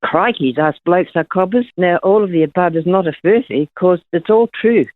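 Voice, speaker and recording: A woman's voice: on the low side, normal speed, no echo. Aussie lady calling in, reading her poem, thin phone line, dry. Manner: chatty, reads with small laughs. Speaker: caller.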